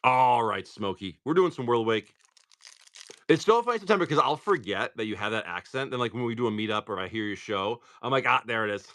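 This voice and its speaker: A man's voice: mid-range voice, animated, brisk, fairly bright tone. A man chatting casually on a livestream, swearing freely and reading off card names as he opens packs. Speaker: livestream card-pack opener.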